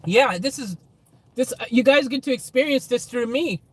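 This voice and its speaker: A man's voice: very high voice, expressive, normal speed. A man chatting casually to viewers on a phone livestream from inside his car, laughing often.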